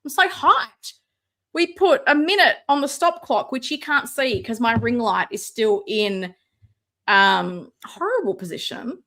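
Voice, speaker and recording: A woman hosting a live stream from home, chatting casually, excitable and sarcastic, sometimes shouting. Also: on the high side, unhurried. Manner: excitable, sarcastic, loud at times. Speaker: livestream host. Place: home room with ring light. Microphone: no mic close by, computer setup.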